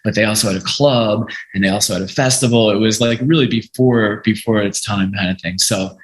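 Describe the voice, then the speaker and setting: A man's voice: lowish voice, fairly quick. Man telling stories in an echoey room. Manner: animated, swears freely, acts out quotes. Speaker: podcast guest, music lawyer. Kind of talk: casual storytelling.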